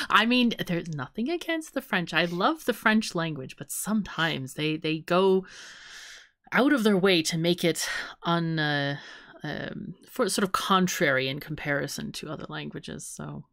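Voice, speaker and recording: Giggly woman with a lively voice. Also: lowish voice, measured pace, dry recording, clean studio sound. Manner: giggly, rambling guesses with frequent laughs. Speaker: podcast co-host. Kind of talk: playful casual chat.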